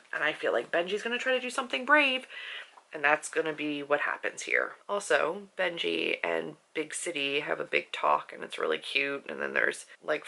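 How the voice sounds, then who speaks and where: A woman's voice: deep voice, creaky, bright, forceful tone, low-quality recording. A young adult woman, an author and book vlogger, reacting emotionally to a novel in a casual, rambling way. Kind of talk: casual reading vlog.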